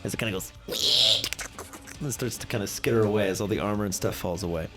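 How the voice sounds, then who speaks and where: A young man narrating as game master, with lively, hedging descriptions full of "kind of.". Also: lowish voice, fast, over loud music.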